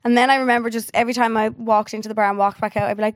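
A young woman co-hosting a podcast, telling animated stories and swearing casually in casual chat. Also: fairly high pitch, rapid-fire, no room sound. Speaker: podcast co-host.

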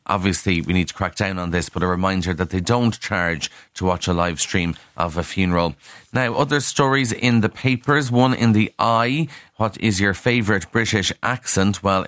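A man's voice: deep voice, moderate pace, a bit bright, dry recording, studio quality. A man presenting a casual radio newspaper review, talking frankly with fillers and personal asides. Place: radio studio.

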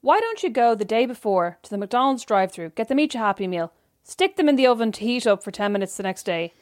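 Teasing woman with a fairly high voice. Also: big pitch swings, fast, a little mellow, no room sound. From Ireland. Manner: teasing, dry interjections. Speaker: podcast co-host. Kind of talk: casual chat.

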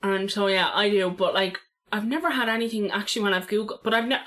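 A woman's voice: mid-range voice, fairly even intonation, quick pace, fairly bright tone, a little hiss or hum. A young woman with a Dublin Irish accent, co-hosting a podcast in casual chat, swearing freely and full of "like" fillers. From Ireland. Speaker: podcast co-host.

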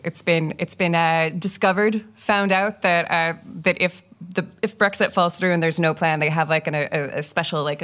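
A woman's voice: deep voice, fairly bright tone. A woman chatting casually as a panelist, hesitant with frequent restarts and laughter. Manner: hesitant, many fillers and restarts, laughs often. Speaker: podcast panelist. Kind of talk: casual chat.

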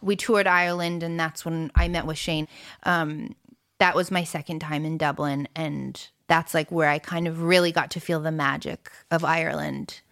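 A woman's voice: low-pitched, steady tone, moderate pace, gravelly, a bit bright. An American woman musician talking casually in an interview, chatty and full of fillers, laughing often. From United States. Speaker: musician guest.

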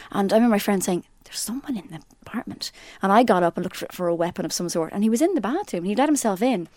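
A woman co-hosting a podcast, telling lively anecdotes in a casual chat and laughing often. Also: medium pitch, dry recording, studio quality. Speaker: podcast co-host.

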